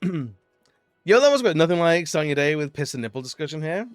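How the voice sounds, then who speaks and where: A man's voice: a little high, big pitch swings, fairly quick, clean tone, no room sound, soft background music. Playful man on a dry mic. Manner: playful, laughing often, swearing, rambling. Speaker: streamer. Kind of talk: casual live-stream chat.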